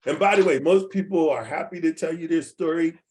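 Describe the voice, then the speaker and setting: A man's voice: on the high side, fairly quick, background noise. A man in his seventies leading a team training over a video call, folksy and repetitive, often checking that the audience follows him. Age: 70s. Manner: folksy, repeats points, asks the audience questions.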